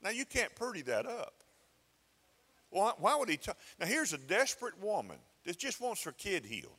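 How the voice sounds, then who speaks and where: A man's voice: sits high, huge pitch swings, normal speed, bright, forceful tone, in a large hall. A male pastor preaching a sermon in a folksy, conversational way, often restarting his phrases. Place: church sanctuary.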